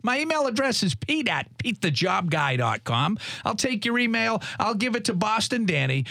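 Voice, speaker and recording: Bright, lively talk show host. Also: male voice, high-pitched, creaky, no room sound. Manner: upbeat, joking, energetic. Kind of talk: casual radio talk show.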